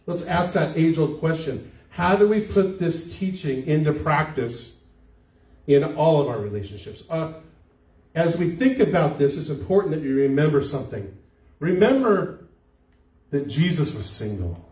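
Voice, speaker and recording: Speaking at a normal speed, this older pastor has a fairly high, expressive, slightly mellow voice. His sermon is conversational, with questions aimed at the congregation, and the distant mic picks up the echo of the church hall around him.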